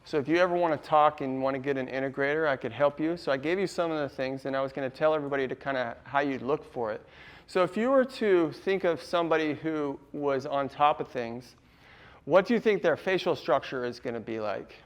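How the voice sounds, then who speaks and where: Man, slightly high voice, casual workshop presenter, laughs easily, keeps quizzing the crowd. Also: fairly quick. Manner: chuckly, quizzes the audience often. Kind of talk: casual audience lecture. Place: room with a live audience.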